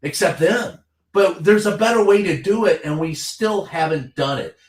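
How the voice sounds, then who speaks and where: A veteran White House reporter from Kentucky, appearing as a guest, talks politics bluntly and heatedly, swearing freely as he tells stories. His voice sits high and moves at a moderate pace. The recording is reverberant.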